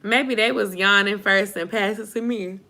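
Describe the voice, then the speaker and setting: A woman's voice: mid-range voice, fairly even intonation, normal speed, pushed and bright. A young woman chatting casually with viewers on a late live stream, sleepy and informal, calling them y'all. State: sleepy, yawning. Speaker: YouTube vlogger on a live stream.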